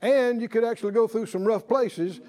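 A man preaching a sermon, emphatic and animated, stretching out key phrases and rising to exclamations. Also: very high voice, moderate pace.

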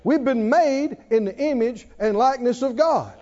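A man preaching a sermon, swinging from near-shouts down to hushed tones, often laughing between lines. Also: very high-pitched, moderate pace, lo-fi sound. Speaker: pastor.

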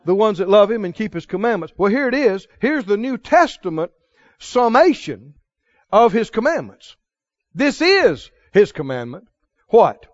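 A man's voice: sits high, sing-song, measured pace, dry recording, dull audio. A man preaching a sermon, asking the congregation questions and repeating answers for them to call back. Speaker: pastor.

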